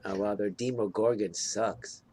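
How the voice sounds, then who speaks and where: A man chatting casually as a host, relaxed and rambling, chuckling now and then. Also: lowish voice, a little slow, a little hiss or hum. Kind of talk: casual chat.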